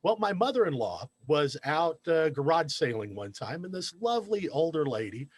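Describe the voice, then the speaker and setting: A man who works as a radio DJ and news director, guesting on a podcast and telling self-deprecating stories in a lively, casual way. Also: a little high, moderate pace, slightly rough. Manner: animated anecdote teller, self-deprecating.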